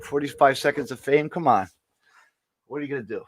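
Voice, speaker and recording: A man's voice: mid-range voice, moderate pace, dry recording. A man hosting a podcast in a casual, rambling way, laughing often and saying "you know" a lot. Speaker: podcast host. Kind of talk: casual chat.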